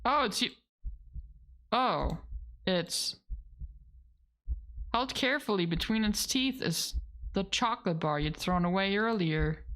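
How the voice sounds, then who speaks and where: A woman's voice: lowish voice, fairly bright tone. A woman streaming a game, reading its narration aloud and reacting with laughs and casual swearing. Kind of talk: let's play commentary, reading game text aloud.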